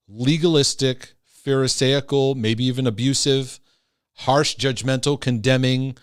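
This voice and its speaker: Middle-aged guy teaching casually about faith and anxiety, chatty, acts out voices, keeps checking in with his listeners. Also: medium pitch. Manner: conversational, acts out voices with tag questions. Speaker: Christian teacher on anxiety and OCD.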